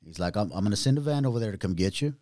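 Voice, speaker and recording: A man sharing his own testimony in casual chat, animated, using street slang and acting out other people's voices. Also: fairly low pitch, racing, no echo, studio quality.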